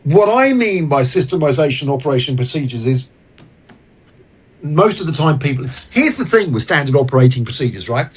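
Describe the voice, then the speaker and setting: A man guesting on an interview, explaining business ideas in an earnest, animated way. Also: on the high side, brisk, slightly rough. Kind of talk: casual interview talk.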